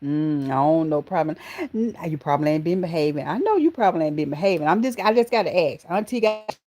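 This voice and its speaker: A woman's voice: sits low, expressive, fast, warm tone. A middle-aged woman with a Southern American accent, hosting a live stream and chatting with viewers, calling them honey and baby. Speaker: channel host.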